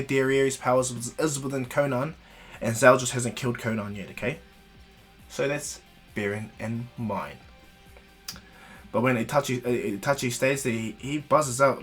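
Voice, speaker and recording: A man's voice: mid-range voice, fairly bright tone, breathy edge. A man casually telling an improvised fan story, rambling, restarting often and adding asides.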